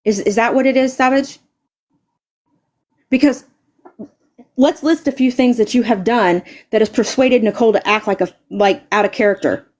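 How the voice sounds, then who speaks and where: A woman's voice: a little high, a little mellow. Stammering, swearing woman on a rant. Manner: halting, stammering repeats, heavy swearing, confrontational. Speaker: live streamer. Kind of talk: angry live-stream rant.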